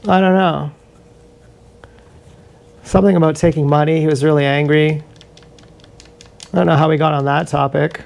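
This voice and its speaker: A man's voice: on the high side, steady tone, normal speed, gravelly, long pauses, darkish tone, a little hiss or hum. A young man streaming live, telling meandering, profane stories in a casual chat with many restarts. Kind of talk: rambling casual storytelling.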